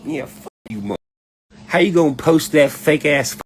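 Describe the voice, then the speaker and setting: A man rants to his audience, his pitch swinging widely as he mocks people in squeaky put-on voices. He curses freely and laughs between lines. A faint hum of room noise sits under the voice. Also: moderate pace. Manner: animated storytelling, mocks others in high put-on voices, heavy cursing, laughs often. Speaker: online commentator ranting to his audience. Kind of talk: casual profane rant.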